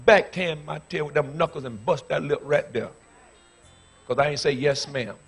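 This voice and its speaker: A man in his fifties preaches from the pulpit, his voice sitting slightly high for a man. He tells stories with sudden shouted bursts and then moves into a fervent prayer. Faint church music sits underneath. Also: moderate pace, gravelly, slightly rough. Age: 50s. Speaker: pastor. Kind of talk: sermon.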